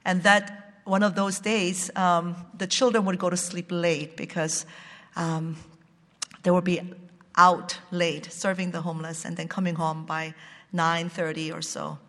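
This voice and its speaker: Halting testimony speaker in a reverberant hall. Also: medium pitch, level tone, a bit bright. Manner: halting, with many fillers and restarts. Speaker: director of a church language ministry. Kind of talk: personal testimony storytelling.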